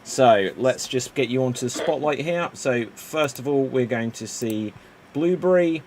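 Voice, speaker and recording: A man hosting an online improv contest on a video call, brisk and chatty, filling pauses with "um". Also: medium pitch, a little mellow, slight background noise. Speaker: host.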